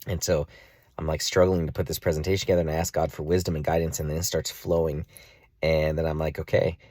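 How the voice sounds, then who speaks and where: A man telling a long personal story in a casual vlog, rambling with many fillers and jumping into a high, excited voice when he acts out his own reactions. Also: quick pace, no room sound, clean studio sound. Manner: jumps to a high excited pitch when reenacting himself. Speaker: vlogger.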